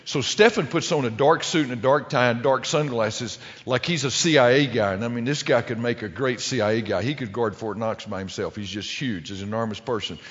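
A man's voice: medium pitch, a little fast, hardly any pauses. Middle-aged male preacher, folksy storyteller, full of restarts; dull recording with long reverb. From American Midwest. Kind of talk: humorous sermon story.

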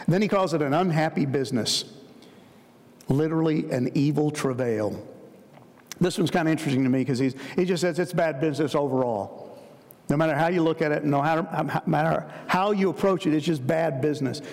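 A man's voice: on the high side, fairly quick, a little mellow, big-room sound. A man preaching a sermon in an earnest way, building his points through repeated emphatic phrases and talking to the listeners as guys.

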